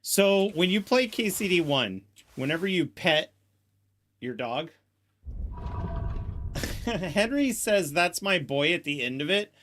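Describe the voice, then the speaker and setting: A man gives casual gameplay commentary, joking and chatting to himself as he plays. He talks at an unhurried pace. His pitch moves around a lot as he reacts. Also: animated, a bit bright, slight background noise. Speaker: gameplay streamer.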